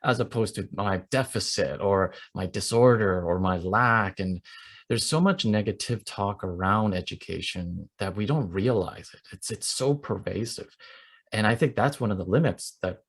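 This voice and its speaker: Male interview host, lowish voice, encouraging, stumbles and repeats words. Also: normal speed, slightly rough. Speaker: podcast host. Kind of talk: conversational interview.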